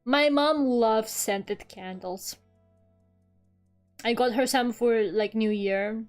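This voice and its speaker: A woman's voice: fairly high pitch, slow, faint music behind. A woman streaming while she draws, chatting in a rambling way, swearing freely and laughing often. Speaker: streamer drawing live. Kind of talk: casual chat while drawing.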